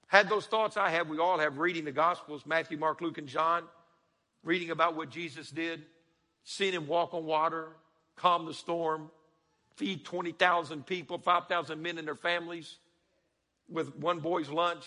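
A man's voice: a little high, big-room sound. A man preaching a sermon in a church, firing off rising questions and dropping to near-whispers. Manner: preaches with dramatic rising questions and sudden soft drops.

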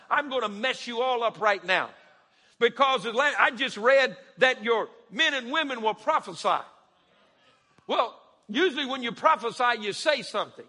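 Male preacher with a high, forceful voice and a husky edge, in a church hall with long reverb. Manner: preaches with dramatic rising questions and sudden soft drops. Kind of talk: sermon.

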